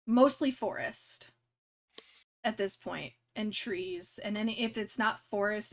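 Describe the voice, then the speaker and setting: Rambling young woman game master, easygoing, mid-pitched. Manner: rambling, many fillers and restarts. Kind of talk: narrating a tabletop game on a live stream.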